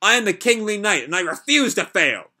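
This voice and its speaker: A man's voice: sits high, big pitch swings, a little fast, sharp tone, pitched above the performer's own voice, exaggerated voice. A man voicing a proud, stubborn young male knight, declaiming his lines grandly while reading a comic aloud. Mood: defiant.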